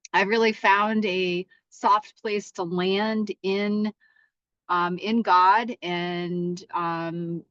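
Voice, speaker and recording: A woman in her forties hosting a podcast from her parked car, talking in a rambling, halting way with many restarts. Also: mid-range voice, a bit bright, no room sound, muffled recording. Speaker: podcast host. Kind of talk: casual solo podcast monologue.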